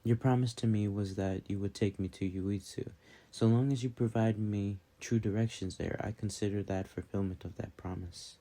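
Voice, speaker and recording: A man voicing a proud, sly wolf goddess who has the form of a young woman in an audiobook reading. She speaks in a dry, teasing and measured way. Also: lowish voice, fairly even intonation, mellow, natural voice.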